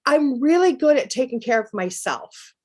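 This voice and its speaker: A middle-aged woman, a psychic medium guest, telling personal stories in a lively, chatty way. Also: sits high, moderate pace. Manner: lively anecdotal telling with laughs. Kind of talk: storytelling interview chat.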